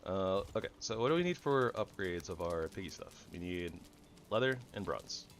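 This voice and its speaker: A man giving goofy, rambling commentary over his own gameplay, jumping between loud excitement and soft mumbling. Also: low-pitched, moderate pace. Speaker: gaming channel host.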